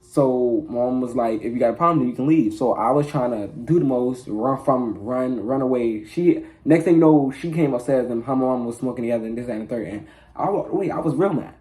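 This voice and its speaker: A man's voice: medium pitch, a little fast, warm tone. Slangy teenage guy telling a story. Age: teens. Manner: laid-back slangy storytelling, laughing at himself. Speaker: vlogger. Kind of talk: casual storytelling.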